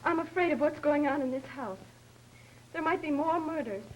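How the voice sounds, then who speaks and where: A woman's voice: high voice, normal speed, close to an everyday voice, poor audio. An actress playing a frightened, timid young woman who wants to leave the house, in a 1930s film. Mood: anxious. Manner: timid, anxious. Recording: old film soundtrack with faint hiss.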